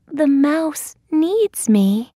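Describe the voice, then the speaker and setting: A woman voicing a tiny gentle young girl in a storybook reading, high and sweet. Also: big pitch swings, extremely slow, dry recording, clean studio sound, heavily acted. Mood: sad.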